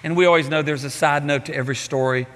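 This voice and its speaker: A middle-aged man preaching a sermon, telling a story with lively acted-out voices. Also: fairly high pitch, fast, heavy background noise. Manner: animated storytelling, acting out voices. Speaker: pastor. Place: church sanctuary. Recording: reverberant church hall.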